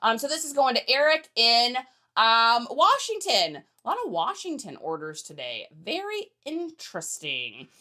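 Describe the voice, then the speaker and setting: Bright, high-voiced chatty woman. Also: sing-song, unhurried. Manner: chatty, joking, reads viewer comments aloud. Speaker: reseller livestream host. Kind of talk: casual livestream chat while packing orders.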